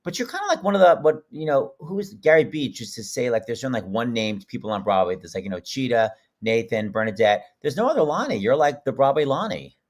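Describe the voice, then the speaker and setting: Excitable joking male host. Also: medium pitch. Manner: excitable, joking, quick banter. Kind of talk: casual livestream chat.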